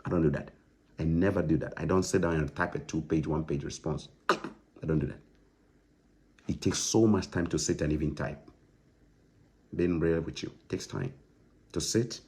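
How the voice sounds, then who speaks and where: A man's voice: rumbling low, moderate pace, pauses often, a little mellow, slightly rough. A man on a live stream, answering viewer comments in a stern, emphatic, lecturing way with lots of repetition. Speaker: online content creator answering viewers.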